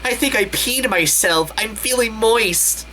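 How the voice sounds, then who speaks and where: A man voicing a young female cartoon creature with a high, breathy, whimpering voice. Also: measured pace, bright, forceful tone, a little hiss or hum.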